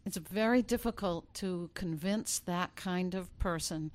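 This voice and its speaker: A woman, an attorney guest, explaining legal processes in a measured way with frequent ums. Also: fairly low pitch, a little mellow. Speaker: elder law attorney guest. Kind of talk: interview answers.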